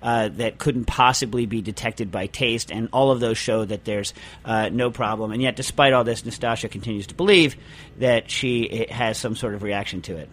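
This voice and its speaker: A man's voice: lowish voice, moderate pace. A man hosting a podcast in casual chat, ranting in an exasperated way and restarting his sentences often. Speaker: podcast host.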